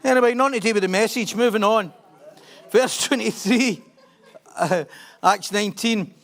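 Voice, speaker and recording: A middle-aged pastor with a noticeably high, gravelly voice preaches in a loose, chatty, humorous way at normal speed. He laughs at himself, tosses questions to the congregation, and moves between animated storytelling and reading Bible verses aloud.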